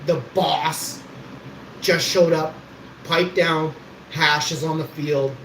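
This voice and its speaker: A boastful, foul-mouthed man rambles through a story, his voice sitting a little high. The room rings with echo, and a steady background noise runs underneath. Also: slow. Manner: boastful, swears freely, rambling. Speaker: livestream host.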